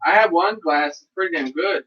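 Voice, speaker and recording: A woman's voice: on the low side, a little fast, breathy edge, recorded from a distance, highs cut off. A woman tossing brash, swearing quips into a casual chat.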